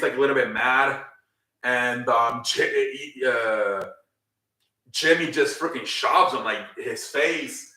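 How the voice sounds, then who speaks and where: A man's voice: medium pitch, pushed and bright. A man casually recapping a wrestling show, rambling with many fillers and repeated words. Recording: roomy echo, a bit far from the mic.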